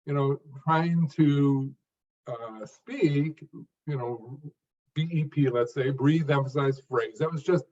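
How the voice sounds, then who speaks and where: A man answering interview questions in a measured, earnest way, speaking phrase by phrase with pauses. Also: medium pitch, a little mellow. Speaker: guest, stuttering coach. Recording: distant, dull lo-fi audio.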